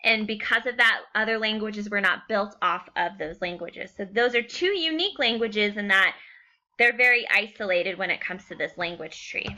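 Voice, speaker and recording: A woman's voice: mid-range voice, moderate pace, sharp tone, dull audio. A young woman teacher giving a recorded class lecture, chatty and casual, often checking in with "okay". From United States.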